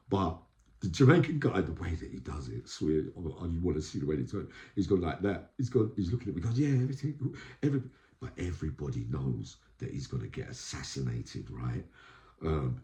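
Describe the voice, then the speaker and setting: A man's voice: deep voice, echoey room. A man telling prison stories in a casual, slang-filled monologue, acting out what others said. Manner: animated, street slang, acts out quoted voices. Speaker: vlogger recounting prison life.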